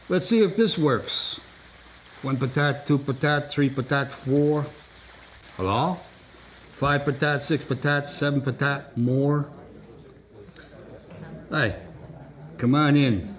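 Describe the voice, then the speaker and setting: A man hosting a live stage show, joking and coaxing the audience along. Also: mid-range voice. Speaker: host. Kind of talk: comic stage patter.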